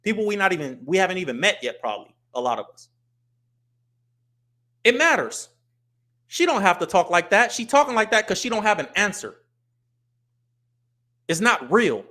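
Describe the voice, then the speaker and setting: A man's voice: high voice, very animated, moderate pace, pauses often, bright, forceful tone. A married man hosting a livestream, giving blunt and emphatic casual commentary and repeating his points. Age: adult, married. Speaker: livestream host.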